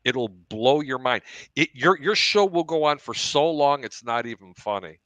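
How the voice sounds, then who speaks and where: A man hosting a sports talk show, telling long animated anecdotes with asides to his co-hosts. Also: medium pitch, moderate pace, dry recording, low-quality recording. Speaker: host.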